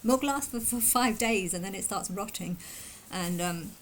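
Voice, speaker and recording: A woman vlogger talking fast in a casual, emphatic and indignant opinion monologue. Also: mid-range voice, a bit bright, slight background noise, low-quality recording. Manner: fast talker.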